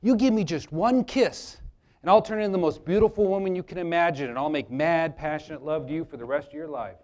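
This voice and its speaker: A man's voice: on the high side, fairly quick, a little mellow, natural voice. A man voicing a pleading female talking frog in a joke told to a seminar audience, with a wheedling, insistent way of speaking. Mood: coaxing.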